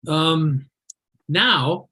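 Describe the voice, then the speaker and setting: Sarcastic man hosting, higher voice. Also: expressive, extremely slow, bright, forceful tone, slightly rough. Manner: sarcastic, roasting jokes. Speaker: show host. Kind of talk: hosting banter on a video call. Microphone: video call.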